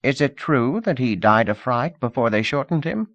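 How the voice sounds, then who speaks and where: A man's voice: medium pitch, very animated, moderate pace, a bit bright, no echo, highs cut off, voice pushed up. A man voicing a sly old female fortune-teller with a coaxing, evasive patter.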